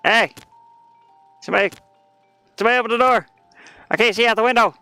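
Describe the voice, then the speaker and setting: A man voicing a bratty toddler boy trapped in a room, whining and shouting for his daddy. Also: very high-pitched, fast talker, smooth, no room sound, soft background music, voice pushed up, full character voice. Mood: whiny. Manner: whiny, shouting for daddy, giggly.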